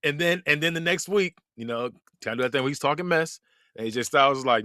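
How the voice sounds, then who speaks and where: Guy on a podcast, bright voice, dry close mic, cracks up a lot. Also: fairly high pitch, lively intonation, brisk, dry recording. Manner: laughs often, acts out bits. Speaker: podcast co-host. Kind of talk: casual chat.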